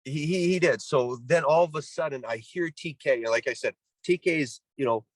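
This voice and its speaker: This man's voice is fairly high-pitched and moves at a normal speed; the recording has no echo but is low quality. A middle-aged former pro ball player from Canada, he recounts a story as a casual interview guest, animatedly playing the people he quotes and often restarting sentences.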